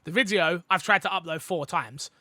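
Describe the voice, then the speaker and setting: British guy hosting a podcast, high voice, bright and bouncy, goofing around. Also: normal speed, no room sound, clean studio sound. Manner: playful, jokey, trying out silly voices. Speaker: podcast host. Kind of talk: casual podcast chat.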